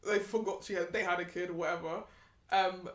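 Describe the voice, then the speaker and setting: A woman's voice: on the low side, fairly quick. Chatty woman, echoey room. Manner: animated storytelling, acts out quotes. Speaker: podcast co-host. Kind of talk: casual chat. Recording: roomy echo.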